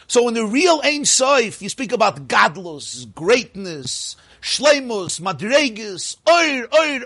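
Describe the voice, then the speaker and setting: Animated man teaching a Torah class. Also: very high-pitched, slightly rough, no room sound, clean studio sound. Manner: emphatic, repeats phrases for stress. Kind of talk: spoken Torah lecture.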